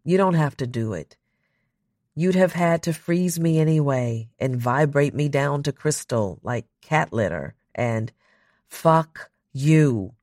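A woman's voice: low-pitched, expressive, slow, darkish tone, no echo, studio quality. A reader voicing an exhausted older woman astronaut, weary and resigned.

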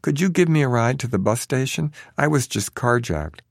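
A man's voice: medium pitch, lively intonation, normal speed, gravelly, no room sound, studio quality, voice pushed up. A man voicing a scheming, snobbish woman con artist who talks in a falsely meek, prim way.

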